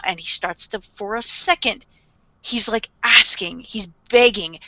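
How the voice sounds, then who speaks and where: Excitable female co-host, slightly high and bright, acts out every line. Dull, dry recording. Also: unhurried, dry recording. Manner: animated, acts out characters' lines, laughs often. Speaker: podcast co-host. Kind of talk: casual chat recapping an anime.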